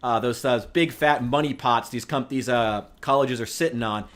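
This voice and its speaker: A man's voice: mid-range voice, moderate pace, a bit bright. A man chatting casually while streaming a game, ranting with profanity and sarcasm. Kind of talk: casual gaming stream chat.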